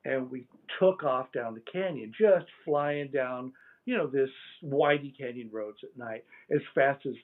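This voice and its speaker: An older man, a guest on an interview show, telling stories in a casual, animated way, laughing and mimicking sounds as he goes. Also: medium pitch, unhurried. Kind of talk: casual storytelling. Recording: tinny phone-like line.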